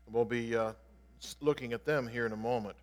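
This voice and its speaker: Pastor preaching in a reverberant hall. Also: male voice, mid-range voice, fairly even intonation, a little fast. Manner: earnest, explanatory, stressing key words. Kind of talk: expository sermon. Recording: long reverb of a large hall.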